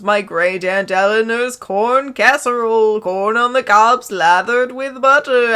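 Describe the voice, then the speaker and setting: A woman's voice: a little high, bright, forceful tone. A cheerful reverend's wife, as a woman reads her lines. She speaks sweetly and prayerfully, close to the woman's everyday voice.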